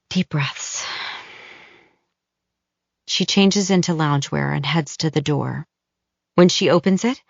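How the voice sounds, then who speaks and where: A woman reading a thriller audiobook in scripted narration, measured and even, close to the mic, in dull lo-fi audio. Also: fairly low pitch, vocal fry, no room sound.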